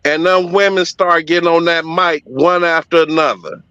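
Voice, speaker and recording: A man's voice: a little high, steady tone, normal speed, sharp tone, clean tone, no echo. A middle-aged man telling a story in casual conversation, emphatic and profane but heartfelt. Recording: dull lo-fi audio, dry.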